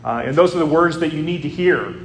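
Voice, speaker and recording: A pastor delivering a sermon in a slightly high male voice. He talks to the congregation in a loose, conversational way and often pauses on "uh". A faint hum of room noise sits behind him. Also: roomy sound. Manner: conversational preaching with frequent "uh" fillers.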